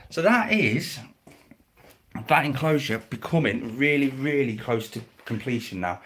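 A man's voice: lively intonation, moderate pace, fairly bright tone. A man chatting casually on a live stream from home beside his reptile enclosures, thanking viewers and cooing at his pets. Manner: chatty and grateful, slips into a high baby voice for his pets.

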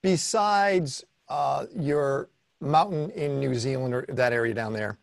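A man's voice: mid-range voice, slow pace, vocal fry. A man hosting an interview, asking brief questions and reacting casually. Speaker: host.

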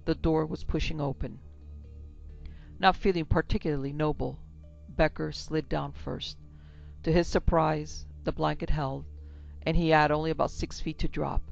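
A woman narrating a classic horror story in a steady, measured, dramatic way. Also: deep voice, gravelly. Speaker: narrator and producer. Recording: slightly dull lo-fi with music.

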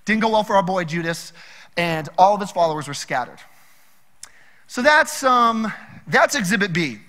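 A man preaching a sermon in a casual, animated storytelling way. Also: sits high, normal speed, big-room sound. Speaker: pastor.

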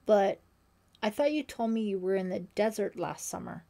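A woman's voice: lively intonation, normal speed, vocal fry, warm tone. A woman voicing a curious, anxious teenage girl who keeps pleading with questions in a storybook reading. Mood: puzzled. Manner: pleading, questioning, rising pitch.

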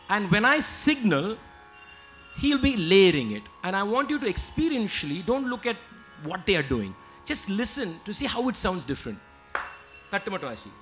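This man lectures emphatically on music and breaks off to sing brief examples, backed by live musicians in a lecture hall. He has a high voice with a sharp tone, serving as both lecturer and singer.

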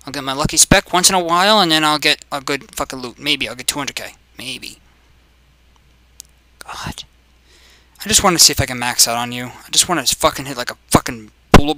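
Rowdy, foul-mouthed young gaming commentator man. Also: mid-range voice. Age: 20s. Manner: profane, rowdy, shouts greetings at other players. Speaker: gameplay commentator.

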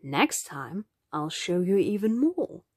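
A woman voicing a proud, gentle male stone lion in a storybook reading, soft-spoken. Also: lowish voice, big pitch swings, slow, husky, no room sound, clean studio sound, heavily acted.

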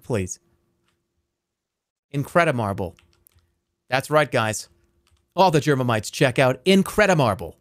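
A man's voice: a little high, no echo. Playful male streamer, dry close sound. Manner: playful, rambling, reads viewer messages aloud. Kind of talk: live game stream commentary.

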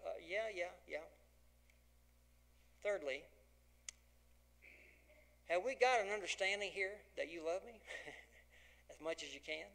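A man's voice: high-pitched, takes it slowly, creaky, long pauses, a bit bright. Folksy man preaching a sermon. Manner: folksy, dramatic, acts out dialogue. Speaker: pastor.

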